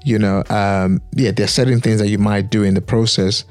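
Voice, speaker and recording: A man's voice: fairly low pitch, fairly even intonation, brisk, darkish tone, no echo. A man hosting a podcast, speaking reflectively and affirming his guest, often with "you know". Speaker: podcast host. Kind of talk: casual podcast chat.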